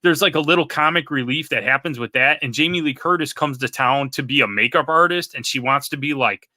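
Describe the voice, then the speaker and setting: A man's voice: mid-range voice, a little fast, sharp tone, no echo. A man co-hosting a podcast in casual chat, rambling and searching for words as he retells stories. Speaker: podcast co-host.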